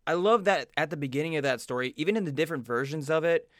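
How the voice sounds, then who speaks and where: A man's voice: fairly high pitch, animated, quick pace, a bit bright, no room sound, studio quality. A man co-hosting a podcast, chatting casually and profanely with joking asides. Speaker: podcast co-host.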